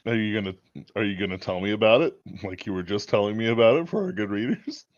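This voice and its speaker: Low-voiced man, dull dry sound. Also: quick pace, no room sound. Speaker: podcast co-host. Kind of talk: casual chat.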